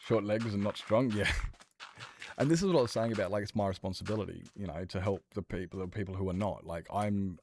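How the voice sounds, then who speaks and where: A man's voice: fairly low pitch, fast talker, a little mellow, a little hiss or hum. A young man streaming a game, chatting casually and telling stories in a rambling, swearing way. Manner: rambling, profane storytelling. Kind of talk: casual chat while gaming.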